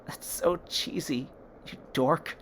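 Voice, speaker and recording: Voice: medium pitch, expressive, moderate pace, pitched above the performer's own voice. A fan storyteller voicing a withdrawn, guilt-ridden teenage girl who pleads and cries out in despair. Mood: tender.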